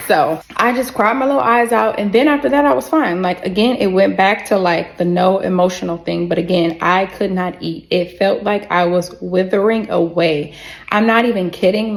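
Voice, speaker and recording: A woman telling a personal story in a casual storytime vlog, candid and expressive, swearing freely and addressing her viewers directly. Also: mid-range voice, creaky.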